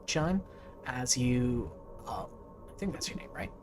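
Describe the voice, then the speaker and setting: A man narrating as game master, unhurried and dropping in frequent fillers. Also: mid-range voice, big pitch swings, soft background music.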